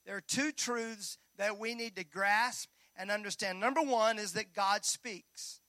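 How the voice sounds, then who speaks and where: A male pastor preaching a Sunday sermon in a church, energetic and joking with the congregation. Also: sits high, a little slow, dry recording. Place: church sanctuary.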